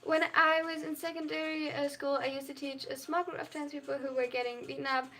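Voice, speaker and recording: A high-pitched young woman with a German accent runs a live stream Q&A. Her voice is bright and ringing. She reads viewers' questions aloud and answers each one frankly, speaking English although German is her first language. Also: little pitch movement, a little fast, slight background noise.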